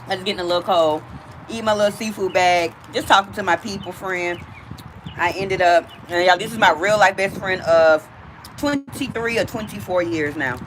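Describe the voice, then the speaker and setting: A woman's voice: on the low side, moderate pace, background noise. A woman hosting a casual livestream from outdoors, chatting directly with her viewers. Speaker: livestream host.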